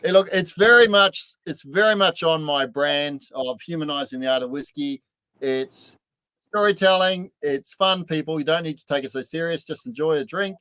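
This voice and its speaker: A man co-hosting a casual chat, telling stories with animated build-ups and laughter. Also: on the high side, moderate pace, clear, resonant tone, no room sound, poor audio. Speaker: podcast co-host.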